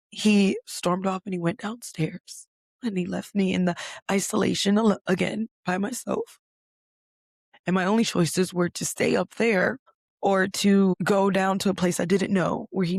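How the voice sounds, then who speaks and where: Recorded in a clean studio with no room sound, this young adult podcast host has a medium-pitched, creaky, darkish voice with fairly even intonation at a moderate pace. She shares a personal story in a candid, chatty way, using lots of fillers and now and then a curse.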